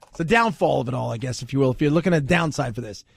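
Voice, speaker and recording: A man's voice: medium pitch, expressive, fast, gravelly, breathy edge, dry recording. A man hosting a talk radio show, chatting casually and rambling, often laughing at his own stories. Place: radio studio. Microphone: studio microphone.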